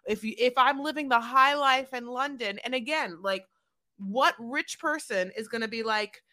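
A woman's voice: fairly high pitch, moderate pace, pushed and bright. A woman co-hosting a podcast, chatting casually and sarcastically, rambling with lots of fillers. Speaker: podcast co-host. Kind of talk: casual chat recapping a reality show.

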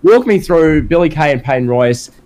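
An Australian man hosts a laid-back wrestling podcast, throwing out rhetorical questions with a sarcastic bite. His voice is a little high, a touch mellow and expressive, and he talks at a moderate pace.

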